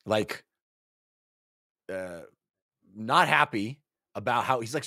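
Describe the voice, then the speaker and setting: A man's voice: on the low side, expressive, slow, vocal fry, sharp tone, no room sound, studio quality. A man co-hosting a casual book discussion, animatedly acting out scenes. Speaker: podcast co-host.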